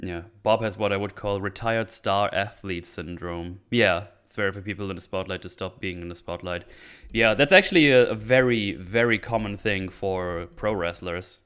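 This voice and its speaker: A man hosting a casual movie podcast, laughing often and acting out scenes in quick silly voices. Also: low voice, fairly bright tone, clean tone. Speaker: podcast host. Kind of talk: casual movie-review chat.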